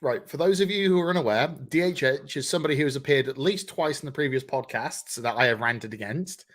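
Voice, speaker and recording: A man co-hosting a casual podcast, ranting and swearing with animated delivery. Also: mid-range voice, quick pace. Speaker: podcast co-host.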